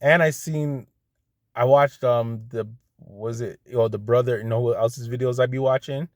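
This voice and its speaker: A man's voice: mid-range voice, steady tone, normal speed, no room sound, clean studio sound. A man ranting casually to the camera, blunt and heated, with plenty of profanity. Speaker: vlogger. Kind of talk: casual rant.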